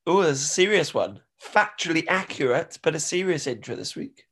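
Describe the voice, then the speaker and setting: Hoarse British man in his thirties. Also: fairly high pitch, lively intonation, normal speed, fairly bright tone. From United Kingdom. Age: 30s. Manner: jokey, rambling wrestling fan. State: hoarse from pollen. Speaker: podcast co-host. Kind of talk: casual chat.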